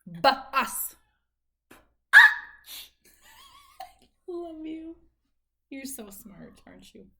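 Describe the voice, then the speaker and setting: A woman's voice: sits high, huge pitch swings, creaky, bright, forceful tone. A mother patiently coaching her son through speech practice at home, prompting him and cheering him on. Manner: patient, encouraging, drawn-out prompting.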